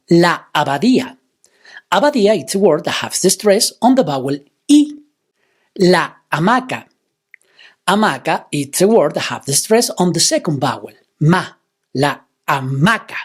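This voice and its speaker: A woman teaching Spanish, patiently explaining grammar rules and slowing down to model example words. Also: fairly low pitch, a little mellow, breathy edge. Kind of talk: explanatory language lesson.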